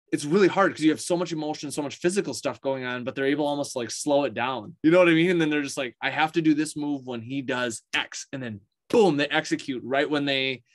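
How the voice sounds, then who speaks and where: A man talking as an interview guest in rambling, casual conversation over a video call. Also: on the high side. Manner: rambling, animated storyteller.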